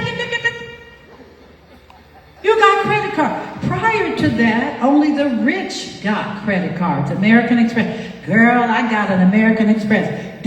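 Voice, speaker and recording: Slow-talking woman speaker in an echoey hall. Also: a little high. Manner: preachy, asks the audience questions over and over. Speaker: seminar speaker. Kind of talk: live seminar talk to an audience. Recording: echoey hall, voice picked up from far off.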